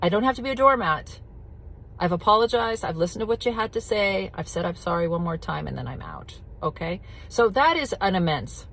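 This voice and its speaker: A woman's voice: medium pitch, expressive, brisk, creaky, fairly bright tone, a little hiss or hum. A middle-aged woman coaching addiction recovery, talking bluntly and directly, with emphatic repetition and casual swearing. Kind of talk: casual teaching talk to camera.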